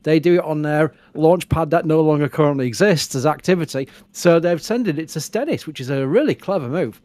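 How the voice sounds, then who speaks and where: Upbeat man, higher voice. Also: darkish tone, no room sound. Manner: bubbly, laughs often, rushed asides. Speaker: stream host. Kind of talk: casual live commentary.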